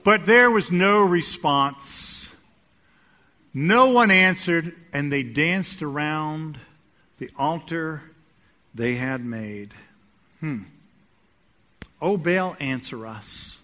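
A male pastor preaching a sermon in a church, swinging between loud urging and quiet asides. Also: a little high, expressive, slow. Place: church sanctuary. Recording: echoey hall.

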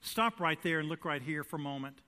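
A pastor preaches in a church sanctuary, his slightly high, animated voice moving a little fast. He alternates booming declarations with quiet lines and poses rhetorical questions to the congregation.

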